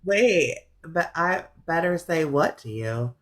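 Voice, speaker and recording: A woman's voice: low-pitched, expressive, slow. A woman hosting a live stream in casual chat, who laughs often and swears casually. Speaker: livestream host.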